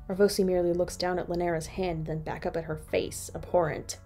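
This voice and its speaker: A woman's voice: lowish voice, flat delivery, fairly quick, hardly any pauses, dark tone, soft background music. A woman reading a second-person fan story aloud as narrator.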